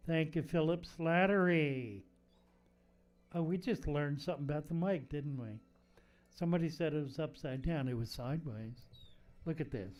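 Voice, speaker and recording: A man's voice: fairly high pitch, normal speed, darkish tone. A man hosting a casual fishkeeping livestream from his home, answering viewer questions and thinking aloud while he fiddles with his microphone. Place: home room with fish tanks. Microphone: desk microphone.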